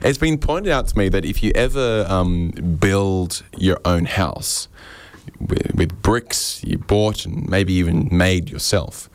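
A man doing a rambling, deadpan, self-deprecating stand-up monologue on radio. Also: low voice, slow pace, no room sound. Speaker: comedian.

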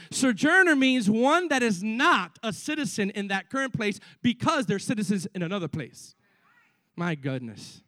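Full of excitement, a very high-voiced young preacher rushes through his sermon, tripping over repeated words and tossing frequent asides to the crowd. It's recorded close and dry, with no echo from the room.

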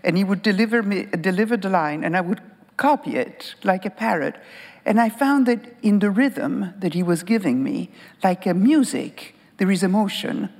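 A woman's voice: mid-range voice, animated, normal speed, darkish tone. A woman in her sixties, an actress and panel guest whose first language is Italian, speaking in a thoughtful, reflective way. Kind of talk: onstage conversation. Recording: hall reverb from a stage talk.

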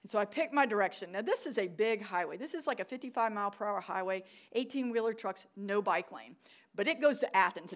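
A woman's voice: mid-range voice, lively intonation, fairly quick. A young woman, a church ministry director telling a funny, self-mocking story in a sermon.

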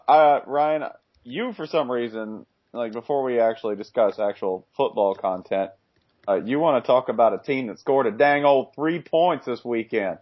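A man co-hosting a sports podcast, riffing jokily in casual chat with sudden loud outbursts. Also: mid-range voice, normal speed. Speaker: podcast co-host. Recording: dull lo-fi podcast audio.

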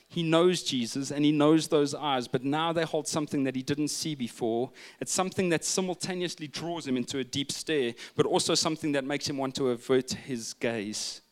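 A man, preaching a sermon with humorous stories and hushed retellings. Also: medium pitch. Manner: humorous storytelling, shifting from loud asides to hushed retelling. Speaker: pastor.

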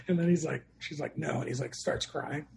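A man's voice: a little high, normal speed, gravelly, darkish tone. A man co-hosting a podcast, talking in a laid-back way and swearing casually. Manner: laid-back, swears, laughs while telling stories. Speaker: podcast co-host. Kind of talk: casual chat.

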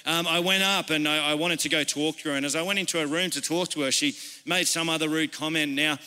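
Australian male pastor, earnest, chatty sermon delivery, bright voice, echoing church hall. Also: a little high, steady tone, fast talker, clear, resonant tone. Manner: earnest, conversational, personal storytelling. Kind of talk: informal sermon. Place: church service.

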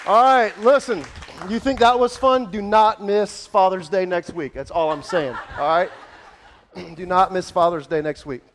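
A man pastor running a playful contest in front of his church, joking and shouting with excitement, then winding down out of breath with a scratchy throat. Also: high-pitched, measured pace, a faint crowd. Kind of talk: lively church service hosting. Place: large church hall with congregation.

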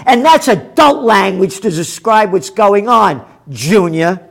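A man with a notably high voice rants as a show host, swinging his pitch widely as he goes. He is combative and profane, breaking into loud shouts between slower stretches. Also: expressive, creaky. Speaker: host of a trend forecasting show. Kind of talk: ranting commentary.

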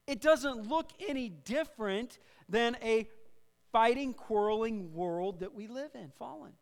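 A man with a notably high voice preaches to a congregation in a casual, conversational way, often repeating and restarting phrases. He draws the room in with call-and-response. His voice rings with long reverb from a large church hall. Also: expressive, measured pace, vocal fry, clean tone. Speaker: pastor. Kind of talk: sermon. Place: church sanctuary.

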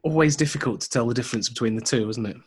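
A man's voice: mid-range voice, very fast, slight background noise. A man co-hosting a casual podcast, bantering and swearing freely as he reads out news items. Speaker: podcast co-host. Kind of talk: casual chat.

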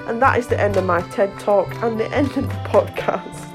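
A woman's voice: medium pitch, a little fast, music in the background. A woman podcast host narrating a children's book aloud, with chatty, playful asides. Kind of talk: storybook narration.

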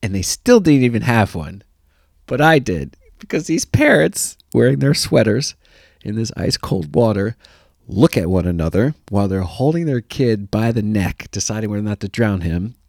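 Low-voiced guy telling a funny story, voice jumps all over, laughs a lot, dry close sound. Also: moderate pace, gravelly, no room sound. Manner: animated, laughing often, mock-deadpan asides. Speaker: podcast host. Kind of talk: comic storytelling.

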